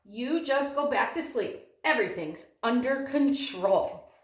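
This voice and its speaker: A woman voicing a small, helpful boy who talks in a quick, chirpy way. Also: a little high, lively intonation, reverberant.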